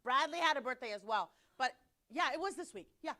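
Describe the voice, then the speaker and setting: Bubbly bright-voiced Sunday school teacher. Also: female voice, sits high, animated. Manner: bubbly, teasing, fast-talking. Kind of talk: children's class, lively and playful.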